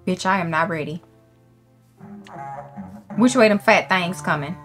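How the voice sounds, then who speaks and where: A woman streamer giving loud, profane, excitable commentary while playing a game, shrieking when something startles her. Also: fairly low pitch, a little slow, faint music behind. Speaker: gaming streamer. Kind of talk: let's play commentary.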